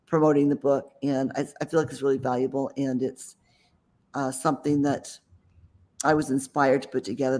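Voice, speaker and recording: A man's voice: mid-range voice, darkish tone. A man guest who writes books and mentors people, talking casually and confidently in an interview, rambling a little with restarts. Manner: chatty, self-assured, rambling with restarts.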